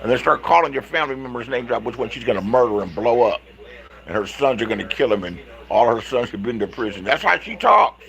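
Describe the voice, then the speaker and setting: A man from Los Angeles ranting on a casual livestream, animated and profane, rambling with many restarts and calling out other streamers directly. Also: mid-range voice, fast, vocal fry, low-quality recording. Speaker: livestream host.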